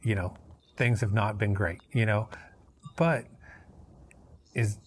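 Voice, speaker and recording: A man's voice: lowish voice, slow, a little hiss or hum. A man in his thirties, a guest on a recovery interview, telling his story candidly in an earnest, rambling way, restarting phrases and acting out what others said.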